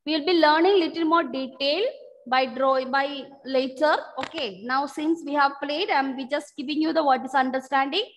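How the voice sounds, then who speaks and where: A woman teacher with a notably high voice runs an online lesson, coaxing answers from students. She repeats key terms slowly and patiently for note-taking. Her voice carries a long, echoing reverb. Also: steady tone.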